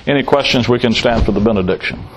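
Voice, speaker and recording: A man's voice: on the low side, lively intonation, fast, slight background noise, rough recording. A man preaching a sermon in a blunt, folksy way, teasing his listeners and firing off rhetorical questions.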